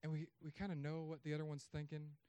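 Pastor in his thirties, animated storyteller, fairly high voice, dry close sound. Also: fast talker, smooth, no echo. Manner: animated storytelling with sudden loud, high bursts. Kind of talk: sermon.

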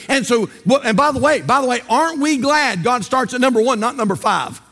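Older pastor preaching, folksy storyteller, kinda high voice, long echo from the church hall. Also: male voice, expressive, fairly quick, hardly any pauses, a bit bright. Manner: folksy, asks rhetorical questions and tells stories. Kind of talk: sermon.

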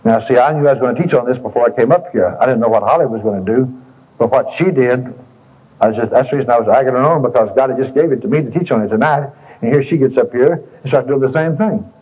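A man preaches a storytelling sermon on a dull lo-fi tape, his medium-pitched voice fast with a breathy edge. He's folksy and colloquial, repeating phrases and telling the congregation stories.

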